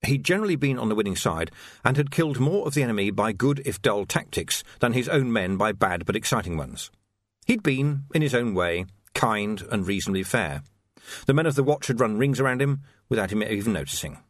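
A man's voice: mid-range voice, expressive, a little fast, a bit bright, dry recording, clean studio sound. A man narrating an audiobook expressively, acting out the characters.

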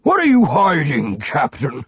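A man voicing a cold, suspicious old slug lord who questions slowly. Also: on the high side, huge pitch swings, breathy edge, no echo, pitched above the performer's own voice, exaggerated voice. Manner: slow, cold and probing. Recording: dull dry lo-fi audiobook recording.

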